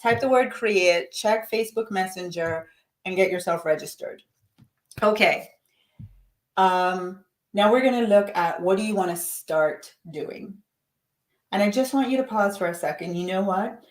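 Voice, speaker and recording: A woman's voice: mid-range voice, unhurried. A woman leading a live-stream coaching session, upbeat and encouraging, chatting to viewers by name. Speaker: livestream coach. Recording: roomy echo.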